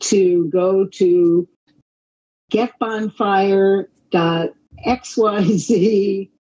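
Brief: woman hosting a casual call-in podcast, dark husky voice, blunt. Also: medium pitch, fairly even intonation, very slow, highs cut off. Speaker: host. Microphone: call-in app.

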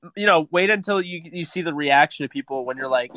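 A man's voice: mid-range voice, steady tone, quick pace, a bit bright. A man co-hosting a sports podcast in casual chat, bantering and joking with laughs. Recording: dry, dull lo-fi audio.

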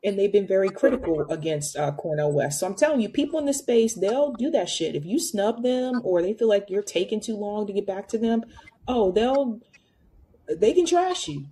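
A woman's voice: mid-range voice, brisk, hardly any pauses, breathy edge. A woman hosting a live call-in podcast, chatting casually and addressing her listeners directly. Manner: animated, talks directly to listeners. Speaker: podcast host taking calls.

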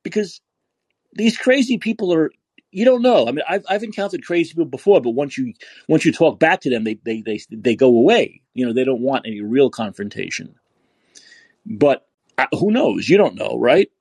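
A man's voice: mid-range voice, animated, moderate pace, darkish tone, slightly rough, no room sound. A man from New York hosting a call-in podcast, ranting and profane, often repeating himself as he restarts sentences. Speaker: podcast host. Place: San Francisco.

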